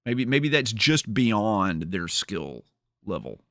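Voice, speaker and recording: Low gravelly-voiced male streamer. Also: big pitch swings, takes it slowly, fairly bright tone, dry recording, clean studio sound. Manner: rambling, joking, chatting with viewers. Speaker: streamer host. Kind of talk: casual livestream chat.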